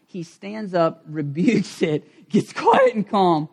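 Middle-aged male pastor, dramatic sermon delivery, unhurried with loud bursts and hushed stretches. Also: sits high, huge pitch swings, breathy edge. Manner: dramatic, swings from loud acted outbursts to quiet intensity.

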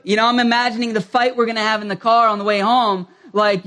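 High-voiced man preaching a story. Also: fast talker, few pauses. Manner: animated, acts out quoted voices. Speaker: pastor. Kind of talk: sermon storytelling.

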